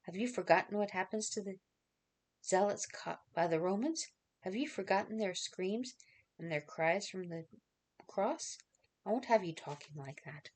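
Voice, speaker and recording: A woman reading aloud as a devoted young male carpenter, gentle and earnest in a dramatic reading. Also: mid-range voice, moderate pace, lightly acted. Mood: tender.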